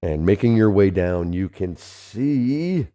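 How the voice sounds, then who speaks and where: Deep, mellow-voiced male game master. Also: lively intonation, takes it slowly. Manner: rambling with frequent ums and asides. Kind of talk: narrating a tabletop game.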